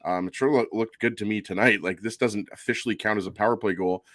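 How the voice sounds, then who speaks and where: A man with a lowish voice, chatting casually about a hockey game on a post-game podcast. He fills his talk with ums and likes, and the sound is dry, with no room to it. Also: fairly even intonation, fast, fairly bright tone, no room sound.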